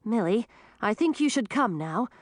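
Woman voicing a young male ice dragon, calm, practical, lively delivery, dry close sound. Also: a little high, moderate pace, dry recording, voice pushed up.

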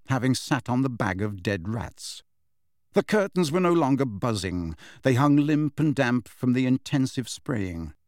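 Expressive male audiobook narrator. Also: medium pitch, no echo, studio quality. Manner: expressive, measured storytelling.

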